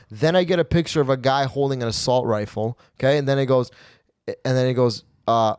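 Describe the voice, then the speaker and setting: A man's voice: mid-range voice, fairly quick, darkish tone, clear, resonant tone, no room sound, studio quality. A man hosting a comedy podcast, telling stories in a rambling, profane way and often tacking on "okay?" and "right?". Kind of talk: casual comedic storytelling.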